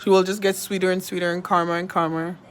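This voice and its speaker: A woman's voice: fairly low pitch, flat delivery, fast, slight background noise. Chatty woman vlogging at home. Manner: chatty, rambling, with fillers. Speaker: vlogger with a pet parrot. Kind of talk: casual chat to camera.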